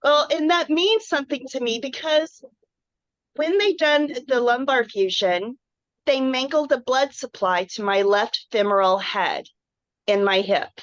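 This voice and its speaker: Woman, emotional testimonial, unhurried, dull lo-fi video call sound. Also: fairly high pitch, no room sound. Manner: earnest, emotional, rambling with frequent "like". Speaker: webinar guest sharing a health story. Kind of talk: candid personal testimonial. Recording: dull, muffled online call audio.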